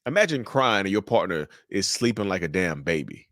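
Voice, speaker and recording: A man giving casual, animated commentary to his viewers, repeating his points and calling them y'all. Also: low voice, fairly quick, dry recording, studio quality. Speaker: mental health commentator.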